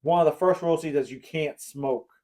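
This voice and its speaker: A man's voice: a little high, brisk, mellow. Chatty man telling rambling stories. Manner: rambling anecdotes, acts out quoted voices, bursts of laughter. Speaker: podcast host. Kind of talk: casual storytelling chat.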